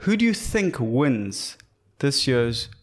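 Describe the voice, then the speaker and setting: A man's voice: mid-range voice, slow. A young man co-hosting a casual podcast, joking and swearing freely. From South Africa. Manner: joking, profane, animated. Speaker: podcast co-host. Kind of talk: casual chat.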